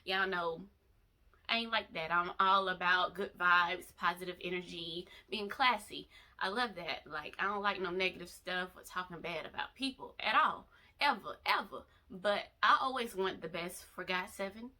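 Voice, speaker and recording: Young woman vlogger, bright forceful voice, talks straight to viewers, emphatic and animated; good for fan vlogs. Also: lowish voice, moderate pace. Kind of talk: emotional fan vlog. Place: bedroom.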